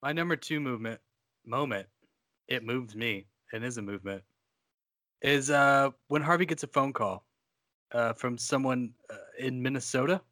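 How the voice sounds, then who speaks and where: A man's voice: medium pitch, normal speed, a bit bright, no echo. A man co-hosting a podcast who talks in a loose, rambling way, swearing casually as he discusses a film. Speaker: podcast co-host.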